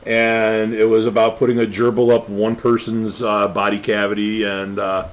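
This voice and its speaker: Lower-voiced man rambling casually. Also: flat delivery, moderate pace, slight background noise. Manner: rambling, with many fillers and restarts. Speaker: podcast host. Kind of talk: casual chat.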